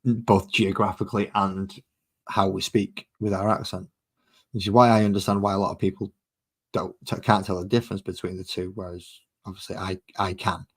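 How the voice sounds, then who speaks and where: A man's voice: sits low, flat delivery, normal speed, slightly rough. A man with a Mancunian accent rambling casually to his live-stream chat while he paints miniatures. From Manchester, England. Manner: rambling and chatty while working.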